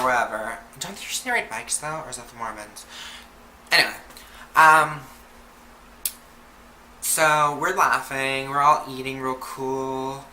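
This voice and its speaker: A woman's voice: a bass voice, bright, forceful tone. A young woman telling a casual storytime on her vlog, chatty and full of "like" and swearing. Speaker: vlogger. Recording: roomy echo, faint background noise.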